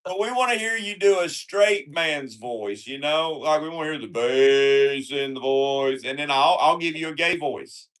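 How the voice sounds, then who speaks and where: Slow-talking teasing male host. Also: on the high side, fairly bright tone. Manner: teasing, insistent, coaxing. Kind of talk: casual call-in chat.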